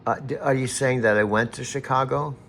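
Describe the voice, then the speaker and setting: A man in casual chat who slowly spells out names syllable by syllable, growing exasperated. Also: medium pitch, steady tone, fairly bright tone, slight background noise. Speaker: user talking to an AI assistant.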